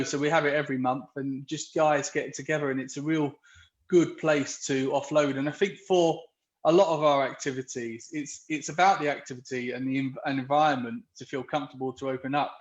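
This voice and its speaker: A man being interviewed live online, talking earnestly and rambling, with lots of restarts. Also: a little high. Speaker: interviewee, dads' group organiser. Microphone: video call. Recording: roomy, dull lo-fi video call audio.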